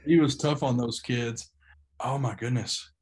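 This young pastor, a podcast guest, answers earnestly in relaxed interview chat, stopping and restarting frequently. His medium pitch stays steady in tone and comes across a little mellow.

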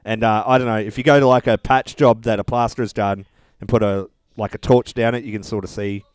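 A man's voice: fairly low pitch, steady tone, a little fast, clear, resonant tone, dry recording. A man co-hosting a podcast, recapping a TV show in blunt, casual chat. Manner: blunt, sweary, matter-of-fact. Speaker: podcast co-host.

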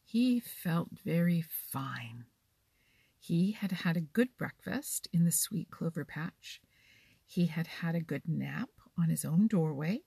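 A woman with a husky, creaky voice reading a children's storybook gently and slowly. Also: low voice, expressive, no echo.

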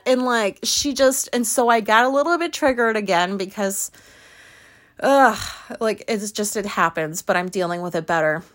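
A woman's voice: medium pitch, moderate pace, a bit bright. A woman podcaster telling a personal story in a candid, chatty way, swearing freely and often breaking into laughter.

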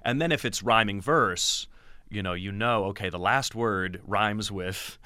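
A man with a deep, bright, forceful voice answers interview questions about directing and teaching actors. His delivery is animated and explanatory. The recording is dry and close. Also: slow, no echo. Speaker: theatre director and acting teacher.

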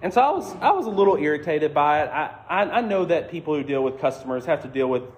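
A man's voice: fairly high pitch, lively intonation, fast, slight background noise. A man preaching a sermon as a conversational, self-deprecating story. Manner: conversational, self-deprecating, acts out quoted voices. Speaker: pastor.

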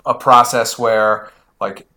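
A man's voice: on the low side, steady tone, slow, bright, forceful tone, a little hiss or hum. An American man co-hosting a podcast in casual chat, rambling and saying "like" a lot. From United States. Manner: rambling, says "like" often. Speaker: podcast co-host.

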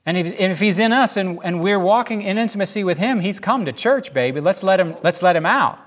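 A man giving informal, emphatic Bible teaching in a lively, conversational way. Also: high voice, brisk.

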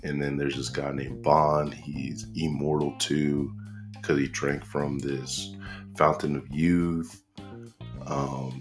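A man hosting a casual solo podcast, talking in a laid-back, slangy way, with lots of "bro" and "like". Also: a bass voice. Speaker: podcast host. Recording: faint guitar music behind.

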